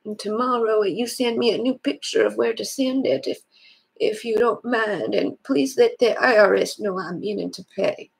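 A woman voicing a lonely, soft-hearted grandmother in a phone prank, rambling and stammering with a creaky, husky old voice. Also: medium pitch, moderate pace, poor audio. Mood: upset. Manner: rambling, stammering, fond of detail. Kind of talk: scam-baiting phone prank.

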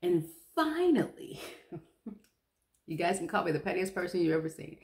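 A woman's voice: lowish voice, sing-song, unhurried, a little mellow. A young woman vlogger chatting casually to the camera, chatty and self-mocking, laughing often.

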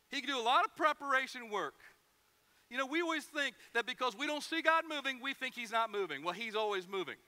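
A man preaching a sermon, telling stories and acting out the people in them. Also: extremely high pitch. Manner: animated storytelling with acted-out quotes. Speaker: pastor.

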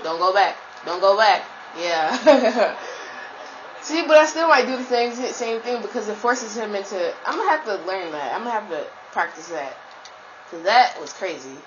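A woman giving live commentary while playing a football video game, trash-talking her opponent and breaking into sudden high shouts. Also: lively intonation, moderate pace, highs cut off, a little hiss or hum.

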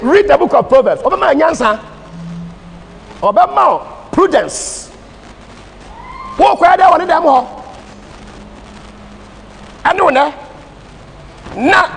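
High-voiced Ghanaian preacher in a reverberant church hall. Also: male voice, creaky, fairly bright tone. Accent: Ghanaian English. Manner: switches between English and Twi, emphatic preaching cadence. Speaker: Bible class teacher. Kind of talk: sermon-style Bible teaching. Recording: distant hall reverb with faint ambient noise.

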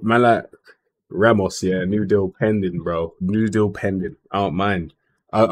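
Ranting young man, lowish voice. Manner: animated slangy rants, frustrated outbursts. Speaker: gaming YouTuber. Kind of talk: football manager game commentary.

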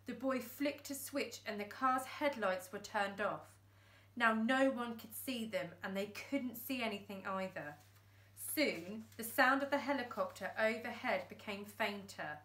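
Slow, higher-voiced teacher reading aloud in a roomy room. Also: female voice, a bit bright, recorded from a distance. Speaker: class teacher. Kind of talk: storybook read-aloud. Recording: roomy echo.

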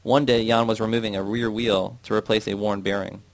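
A man reading a novel aloud in a steady, measured way. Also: fairly low pitch, vocal fry, no echo. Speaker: audiobook reader.

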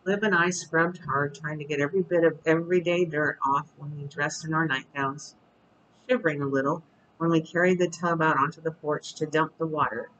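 A storyteller reading a chapter book aloud at bedtime in a calm, steady voice. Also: mid-range voice, fairly quick, highs cut off, a little hiss or hum.

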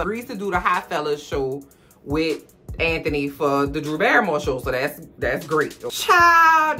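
A woman with a Southern US accent, giving sassy, animated TV recap commentary indoors with big pitch swings. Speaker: TV recap vlogger. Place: room indoors.

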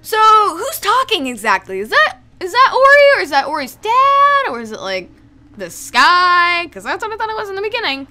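A young woman with a high voice reacts to a video game as a let's play gamer, speaking at a moderate pace. She is excitable and emotional, pleading with the game, while faint game music plays in the background.

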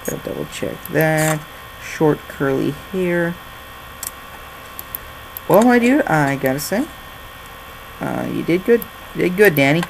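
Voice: medium pitch, sing-song, takes it slowly, creaky, pauses often, a little hiss or hum, rough recording. A gaming channel host giving jokey let's-play commentary while reading game documents aloud.

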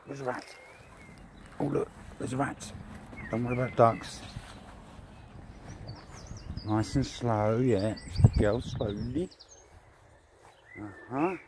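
A man chatting to his dog on a park walk, filming on a phone outdoors, talking casually and breaking into excitable bursts. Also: mid-range voice, slow pace, pauses often. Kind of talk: casual vlog narration. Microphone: phone camera mic. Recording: noisy outdoor phone recording. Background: birds and ducks, outdoor ambience.

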